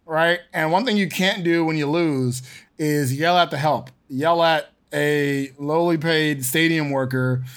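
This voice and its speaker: A man co-hosting a casual sports podcast, talking in a joking, animated way and laughing often. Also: fairly high pitch, measured pace, clear, resonant tone. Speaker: podcast co-host.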